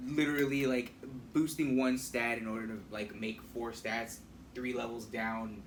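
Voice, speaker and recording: A podcast co-host makes casual chat in a mid-range male voice with little pitch movement, at normal speed. He rambles hesitantly and stumbles through restarts, recorded on a distant mic with faint noise.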